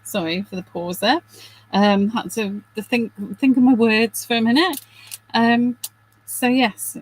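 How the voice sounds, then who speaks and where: A woman's voice: on the high side, unhurried, poor audio. A middle-aged woman hosting a craft video, chatting casually and self-deprecatingly while she works, with giggly asides.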